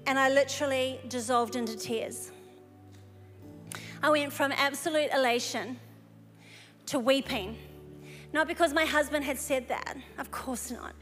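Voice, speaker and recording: A woman preacher telling a story in a sermon, animated and lively, breaking into excited exclamations. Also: high-pitched. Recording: live hall recording with long reverb.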